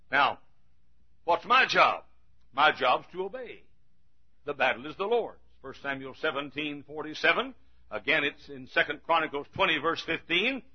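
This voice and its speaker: An older man in his sixties preaching a sermon, telling folksy stories and rising to shouted emphasis, with a husky voice. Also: fairly high pitch, expressive, normal speed. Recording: dull lo-fi recording.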